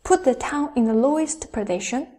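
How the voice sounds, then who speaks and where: A young adult woman teaching a Chinese lesson, carefully demonstrating each sound aloud in slow pronunciation drills. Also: sits high, dark tone.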